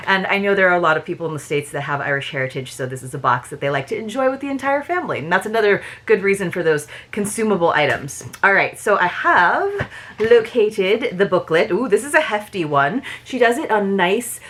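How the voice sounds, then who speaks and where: A woman's voice: medium pitch, sing-song, fairly quick, fairly bright tone. A woman reviewing a subscription box in a casual, chatty unboxing, with many small asides.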